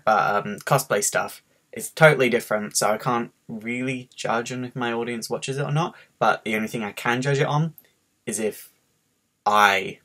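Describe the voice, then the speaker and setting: A man's voice: mid-range voice, bright, forceful tone. A man with a faint Scottish accent, stressed and rambling through a casual story about his day on a home webcam vlog. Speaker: vlogger.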